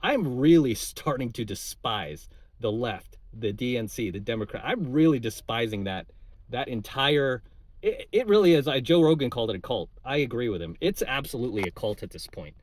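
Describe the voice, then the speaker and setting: In a casual political rant to camera, a coaching channel's host sounds indignant, keeps asking "right?", and leans on "uh" and "like." His mid-range voice is sing-song at a moderate pace, with no echo.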